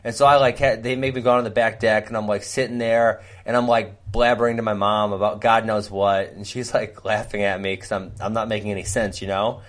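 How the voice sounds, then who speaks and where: A man from Wisconsin co-hosting a podcast, telling a long story in a rambling, animated way and laughing often. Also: on the low side, a little fast, few pauses. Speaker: podcast co-host. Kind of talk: casual storytelling chat.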